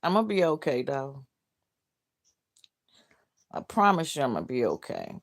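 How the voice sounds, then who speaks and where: Sad middle-aged lady on a livestream, low voice, talks slow, blunt and cussing. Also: wildly swooping pitch. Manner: blunt, swears, laughs at comments. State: downcast, heartbroken. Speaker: livestream host. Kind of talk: casual livestream chat reading comments.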